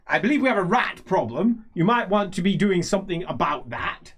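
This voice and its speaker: A man's voice: high voice, sing-song, fairly quick, a bit bright, breathy edge, voice pushed up, heavily acted. A man voicing a grumpy, blunt old man who rambles and stammers in a tabletop game. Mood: commanding. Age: older.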